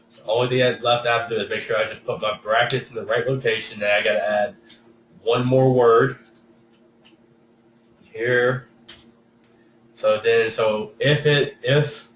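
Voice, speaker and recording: A man walks students through their code in a live online lesson, thinking aloud and restarting his sentences as he goes. His voice sits at a middling pitch and sounds distant from the mic, in an echoey room with a faint hiss behind it. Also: a bit bright. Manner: talks through code step by step, self-correcting. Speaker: coding instructor. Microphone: computer mic, sound reported as poor by students.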